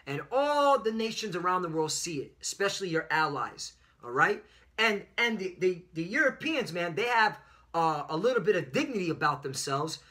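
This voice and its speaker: A man's voice: sits high, sing-song, normal speed, sharp tone. A man preaching a fiery religious commentary lesson with frequent fillers and profanity. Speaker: online preacher.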